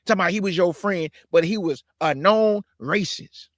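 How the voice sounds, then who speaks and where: A man's voice: sits high, normal speed, no echo, clean studio sound. A man hosting his own stream, talking in a fiery, preachy way, repeating his points and calling his listeners family. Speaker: show host. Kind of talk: impassioned livestream commentary.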